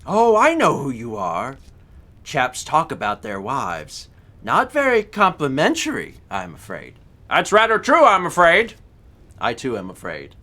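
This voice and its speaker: A man voicing a cheerful, gossipy British gentleman in a plummy put-on British accent. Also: mid-range voice, huge pitch swings, a little slow, exaggerated voice. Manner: jolly, plummy, chatty.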